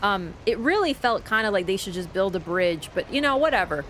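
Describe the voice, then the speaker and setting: A young woman streaming a game, chatting casually and telling travel stories with animated swings into quoted voices. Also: mid-range voice, a little fast, slight background noise. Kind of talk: casual chat while gaming.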